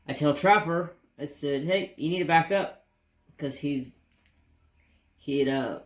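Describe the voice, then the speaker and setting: Low-voiced woman telling a rambling story. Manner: rambling, animated retelling with mild cursing. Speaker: craft channel host. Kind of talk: casual storytelling while crafting.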